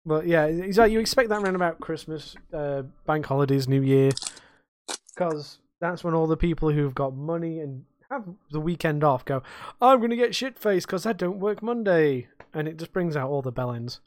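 A man's voice: fairly high pitch, moderate pace. A young man co-hosting a podcast, ranting and swearing in casual chat about life as a bartender. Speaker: podcast co-host.

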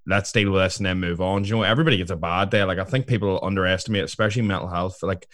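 Man, rapid talk, dry close sound, rambling with fillers, sweary casual chat. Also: sits low, steady tone, a bit bright, no echo.

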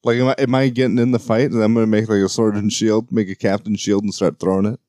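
Low, mellow-voiced man with wry quips. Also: level tone, quick pace, no room sound, studio quality. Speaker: podcast co-host. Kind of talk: casual chat.

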